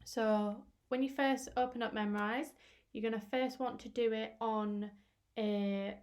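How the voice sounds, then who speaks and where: A young woman teacher talking through a screen-recorded tutorial in a chatty, explanatory way with fillers, her voice going hoarse. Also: a little high, fairly even intonation, measured pace, a little mellow. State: losing her voice.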